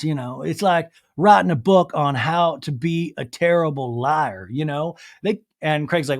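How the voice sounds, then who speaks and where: A young man hosting a podcast, recapping reality TV in casual chat, animated and quick to quote people. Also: fairly high pitch.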